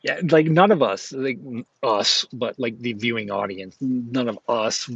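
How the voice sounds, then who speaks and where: A man's voice: mid-range voice, unhurried, muffled recording, slight background noise. Rambling man chatting from a flea market stall. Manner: rambling, with many fillers and self-corrections. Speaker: streamer selling at a flea market. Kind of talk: casual live-stream chat.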